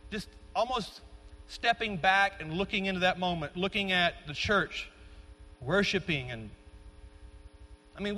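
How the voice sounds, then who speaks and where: A middle-aged man preaches with rising passion, his voice high and bright. He builds line by line to emphatic peaks. The sound carries a long reverb through a large sanctuary. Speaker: pastor. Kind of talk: sermon.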